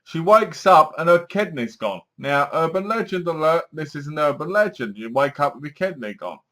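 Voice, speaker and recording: A man casually reviewing a film, retelling the story in a rambling, animated way and acting out lines. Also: on the high side, normal speed.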